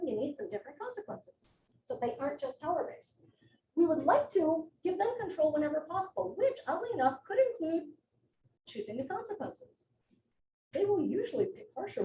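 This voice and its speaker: A middle-aged woman gives a live educational talk in a chatty, animated way, slipping in personal asides. Her voice sits high and swings widely in pitch. She is picked up from a distance in an echoey room, with a muffled sound and a faint hiss behind her. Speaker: psychiatric nurse practitioner, presenter. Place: presentation room.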